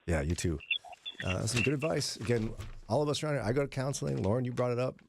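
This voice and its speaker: A man hosts a studio morning radio show, bantering and laughing easily with his co-hosts. His pitch swings widely as he talks, lively and animated. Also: quick pace, creaky, background noise. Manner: chatty, jokey, laughs often. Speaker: radio host.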